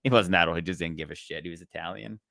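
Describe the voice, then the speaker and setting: A man's voice: deep voice, rapid-fire, creaky, bright, forceful tone, no echo, studio quality. A man hosting a podcast in loose casual chat, swearing freely, laughing often and mimicking people in his stories. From US East Coast. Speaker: podcast host.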